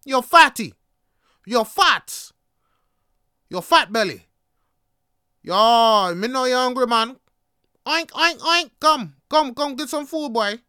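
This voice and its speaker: Brief: loud, high, mocking male heckler with a Jamaican accent, put on by a man telling a story. Bright, crisp voice. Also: expressive, takes it slowly, long pauses, dry recording, studio quality, full character voice. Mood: jeering. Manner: loud jeering, teasing. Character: mocking adult male street heckler, taunting.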